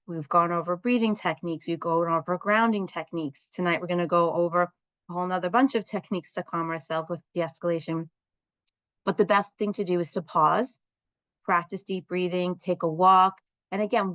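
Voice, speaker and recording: Woman facilitator, slightly low voice, steady teaching delivery, dry close recording. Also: no echo, lo-fi sound. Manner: calm, explanatory, asks the group questions. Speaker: parent support group facilitator. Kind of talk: instructional talk to a group.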